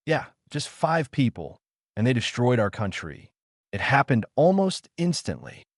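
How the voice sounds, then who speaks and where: A man's voice: medium pitch, big pitch swings, measured pace, no echo, clean studio sound. A man voicing a stern, square-faced male militia leader who speaks in a formal, guarded way, in an audiobook. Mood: grave.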